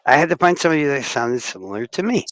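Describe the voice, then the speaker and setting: A man's voice: on the high side, expressive, fast talker, fairly bright tone, dry recording, rough recording. A man streaming and chatting casually, rambling, swearing and acting out other people's reactions. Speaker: streamer and musician.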